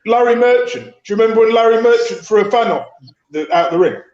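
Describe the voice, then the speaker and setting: Blunt, high-voiced man from England. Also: fast talker, darkish tone, roomy sound, dull audio, a little hiss or hum. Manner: blunt, swears freely, mocking. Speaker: podcast panelist. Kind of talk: casual boxing chat.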